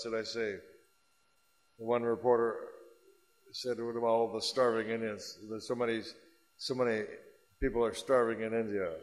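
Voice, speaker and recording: A man teaching a religious class and telling stories in an animated, rambling way. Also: fairly low pitch. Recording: reverberant hall.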